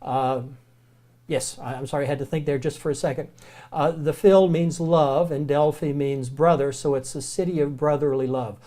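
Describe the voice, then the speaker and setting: Folksy Southern man teaching Greek. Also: medium pitch. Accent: Southern American. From American South. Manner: relaxed, folksy, slows down to spell out words. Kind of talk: recorded lecture.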